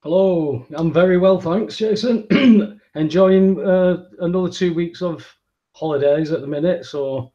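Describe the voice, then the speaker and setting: A man with a dark, mellow voice, speaking bluntly and swearing a lot. The recording sounds dull and lo-fi. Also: sits high, measured pace. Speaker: podcast co-host. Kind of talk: casual chat.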